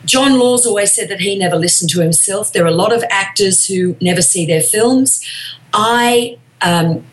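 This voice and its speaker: Australian woman, chatty guest, animated storyteller, remote line. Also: mid-range voice, normal speed, rough recording. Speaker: guest, comedian and voice actor. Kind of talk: casual interview chat. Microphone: phone or remote line.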